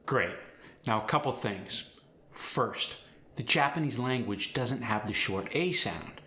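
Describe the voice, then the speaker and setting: A man coaching accents, explaining step by step in a clear, instructional way. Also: mid-range voice, animated, slow pace, bright, forceful tone, roomy sound. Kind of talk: instructional lesson.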